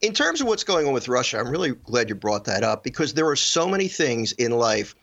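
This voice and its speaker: A man's voice: medium pitch, sing-song, brisk, a bit bright, lo-fi sound. A man guest on a radio show, an author explaining his ideas earnestly. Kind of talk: radio interview.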